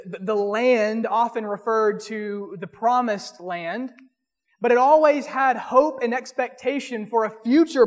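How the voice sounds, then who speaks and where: Man, pastor, earnest sermon, reads scripture slowly, high voice, long church reverb. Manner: earnest preaching, reading scripture aloud slowly.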